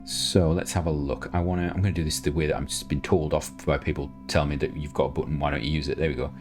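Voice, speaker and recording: A man speaks in an exceptionally deep voice as he narrates his own gameplay. He thinks aloud, mocks his own choices and often restarts his sentences. Soft music plays faintly underneath. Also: fairly even intonation, quick pace. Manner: chatty, self-mocking, thinks aloud with many restarts. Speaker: gameplay commentator. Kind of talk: casual gameplay commentary.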